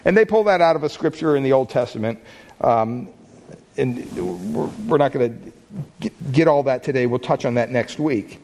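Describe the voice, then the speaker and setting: A man's voice: medium pitch, lively intonation, normal speed, vocal fry, darkish tone. A man preaching a sermon, talking in a conversational way and putting questions to the congregation. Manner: conversational, asks the listeners questions. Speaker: pastor.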